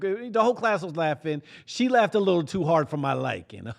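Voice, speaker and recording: A man hosting a podcast, telling a comedic story with lively acted-out quotes and frequent laughs. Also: fairly high pitch, fairly quick, vocal fry, few pauses. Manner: animated, laughs often, acts out quotes. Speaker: podcast host.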